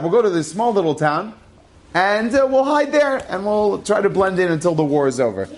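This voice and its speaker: A man, a rabbi, telling an inspirational story in an animated, casual way, acting out the dialogue. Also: on the high side.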